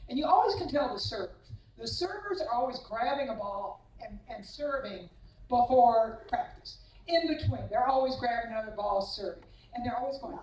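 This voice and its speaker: A woman with a high voice gives a humorous after-dinner speech, telling teasing anecdotes about her former tennis players. She acts out their voices as she goes. The sound is echoey and distant, as if the mic sits across a large banquet hall. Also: lively intonation, moderate pace, darkish tone.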